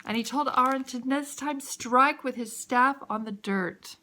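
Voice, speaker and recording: A woman telling a children's story in an expressive way, with sound effects. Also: sits high, unhurried. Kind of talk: animated children's story narration.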